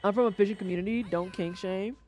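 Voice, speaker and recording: A livestreamer chatting casually over a video game, joking and swearing, with sudden high-pitched outbursts. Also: fairly even intonation, fast talker, darkish tone, soft background music. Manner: chatty storytelling aside while playing. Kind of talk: casual gameplay commentary.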